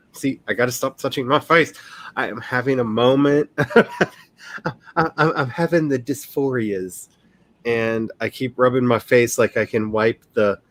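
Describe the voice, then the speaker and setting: A man's voice: mid-range voice, no room sound. A man hosting a casual livestream as an author, rambling and self-deprecating, who laughs often and restarts his sentences.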